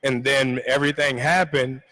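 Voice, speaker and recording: A middle-aged man telling lively, laughing stories as a guest on a convention panel in a large arena. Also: mid-range voice, normal speed, poor audio. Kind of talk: animated convention panel storytelling.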